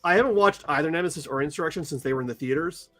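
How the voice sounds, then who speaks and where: A man's voice: on the high side, very fast, fairly bright tone. A French-Canadian man, French his first language, co-hosting a casual chat with lots of fillers and restarts. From Franco-Ontarian Canada. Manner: chatty, many fillers and restarts. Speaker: podcast co-host.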